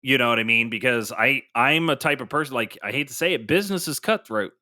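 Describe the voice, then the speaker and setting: A man's voice: mid-range voice, lively intonation, quick pace, bright, forceful tone. A man co-hosting a gaming podcast, talking in a chatty, emphatic way with many restarts. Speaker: podcast co-host. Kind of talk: casual chat.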